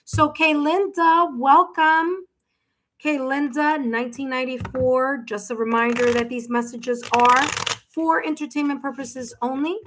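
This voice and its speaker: A woman's voice: high voice, fairly even intonation, a little slow, noisy background. A woman giving a live-streamed tarot reading, effusive, exclaiming and thanking viewers by name. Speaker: tarot reader.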